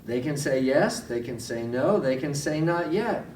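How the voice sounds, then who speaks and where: A man's voice: mid-range voice, animated, measured pace, darkish tone, far from the mic, slight background noise. A male chaplain giving a sermon-style teaching talk, folksy, telling stories and putting direct questions to his listeners. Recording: roomy echo, voice from off-mic.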